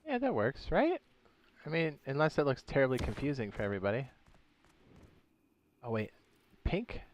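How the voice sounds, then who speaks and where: A man's voice: mid-range voice, wildly swooping pitch, moderate pace, slight background noise. A young man casually chatting on a gaming livestream, thinking aloud as he builds and greets viewers. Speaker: streamer.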